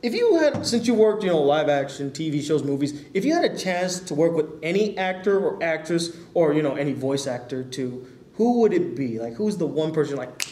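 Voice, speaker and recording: A man interviewing a guest in a casual, amateur style, chatty and excitable like a fan, with lots of "like" in his speech. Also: on the high side, fairly quick, few pauses, reverberant.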